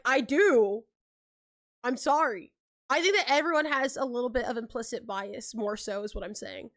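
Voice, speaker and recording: High-voiced chatty young woman streamer. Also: bright, forceful tone. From California. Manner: chatty storytelling, acts out quotes, laughs often; says like a lot. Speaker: livestream host. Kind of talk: casual livestream chat.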